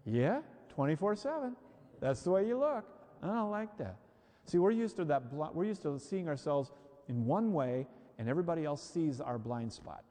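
A man preaching a sermon in an emphatic, animated way, repeating key phrases for the congregation. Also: fairly high pitch, normal speed. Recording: long hall reverb.

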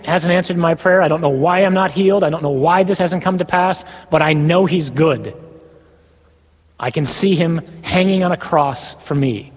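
A male preacher giving an earnest sermon, his fairly high voice slightly husky. He drops to soft, quiet stretches and then rises to emphatic points. The sound rings with the long reverb of a hall.

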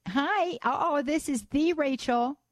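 A woman hosting a radio show, who prays with fervent, repetitive invocations and warmly takes calls from listeners. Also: high-pitched, takes it slowly, no room sound. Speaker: radio host. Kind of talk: spoken prayer and radio call-in talk.

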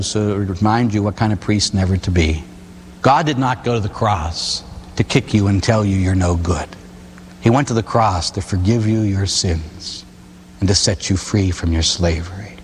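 Priest preaching in a reverberant hall. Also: male voice, mid-range voice. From Pittsburgh area, USA. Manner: animated storytelling, acts out penitents and asides with "huh?". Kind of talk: sermon. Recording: long hall reverb, faint hum.

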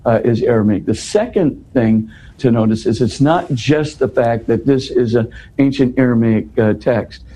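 A man giving an explanatory talk in an interview, teaching in an animated way and often checking in with "right?". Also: medium pitch, moderate pace, rough recording. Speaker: interview guest explaining scripture.

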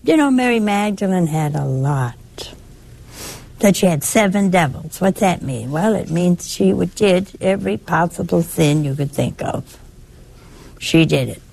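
An older woman preaches in a somewhat low voice. She talks in a chatty, lively way and chides her listeners with affection. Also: measured pace, creaky. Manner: conversational, lively, chiding and affectionate. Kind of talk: sermon.

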